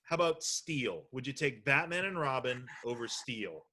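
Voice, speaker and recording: Opinionated man in relaxed chat. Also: medium pitch, normal speed. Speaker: podcast co-host. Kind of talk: casual chat.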